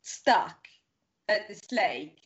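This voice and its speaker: A woman with a medium-pitched, expressive voice speaks very slowly as a guest author on a podcast, telling rambling anecdotes in casual chat. She uses "like" a lot and acts out quoted voices, and the recording sounds muffled and lo-fi.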